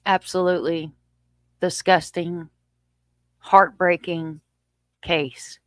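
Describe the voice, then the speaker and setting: A woman's voice: lowish voice, flat delivery, slow pace, no echo, studio quality. A woman hosting a live true crime stream, reading a transcript aloud and adding somber, emphatic remarks of her own.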